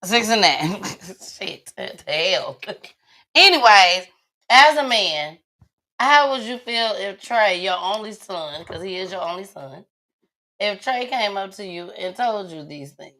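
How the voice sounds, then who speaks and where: A woman's voice: medium pitch, lively intonation, slow, bright, forceful tone. A woman co-hosting a casual chat podcast, blunt and laughing, swearing freely and turning to talk to her viewers. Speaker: podcast co-host.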